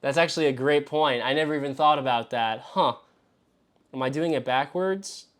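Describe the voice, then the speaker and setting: A man hosting a live stream as he works through a mock draft, talking to himself and swearing freely. He swings between exasperated yelps and low mutters. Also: normal speed. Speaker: fantasy football show host. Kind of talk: live-streamed solo commentary.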